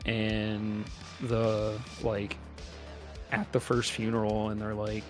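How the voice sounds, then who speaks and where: A man's voice: fairly low pitch, completely flat delivery, takes it slowly, music in the background. A man co-hosting a podcast, casually analyzing a film's themes with many fillers. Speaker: podcast co-host. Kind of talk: casual film discussion.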